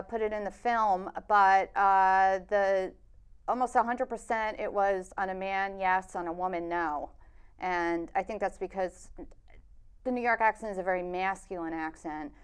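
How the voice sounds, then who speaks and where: A woman filmmaker answering interview questions in a thoughtful, measured way, pausing on fillers. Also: medium pitch, a bit bright, clear, resonant tone. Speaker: documentary filmmaker, interview guest.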